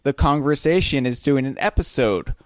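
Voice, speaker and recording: A man with a mid-range voice and lively intonation hosts a casual podcast, joking and rambling with plenty of fillers at a moderate pace. The studio sound is clean, with no echo.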